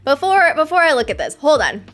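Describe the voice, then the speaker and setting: High, excitable woman streamer. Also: a little fast. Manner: excitable, bursts into squeals and laughter. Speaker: livestream host. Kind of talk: casual livestream chat.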